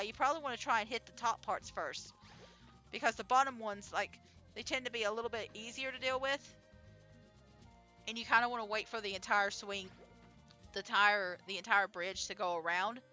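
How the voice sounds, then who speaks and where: A woman's voice: a little high, bright, forceful tone. A woman streamer giving casual commentary over a video game, laughing a lot and apologizing for it. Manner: giggly, laughs hard and keeps apologizing. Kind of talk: casual let's-play commentary.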